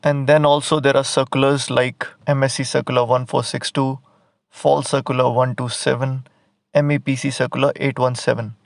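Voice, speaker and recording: Gravelly man explaining step by step. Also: medium pitch, no room sound. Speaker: exam prep instructor. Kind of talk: lesson with a memory story.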